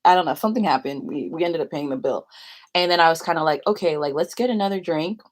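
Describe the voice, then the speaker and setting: A young adult woman telling a story to the camera in a casual, rambling way, often giggling between thoughts. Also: low-pitched. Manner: chatty, rambling, quick to giggle. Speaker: vlogger.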